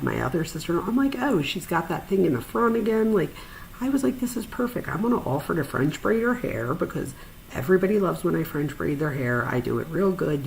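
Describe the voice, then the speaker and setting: A woman telling a personal story in a chatty, animated way, with frequent fillers and sudden high-pitched asides. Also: vocal fry, a little hiss or hum, poor audio. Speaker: podcast host, psychologist.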